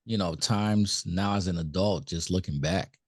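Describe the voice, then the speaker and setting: A male podcast host with a very deep voice speaks calmly and reflectively in a casual chat. The sound is dry and close, with no room around it. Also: measured pace, slightly rough, no room sound. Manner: calm and reflective, speaks in short affirmations.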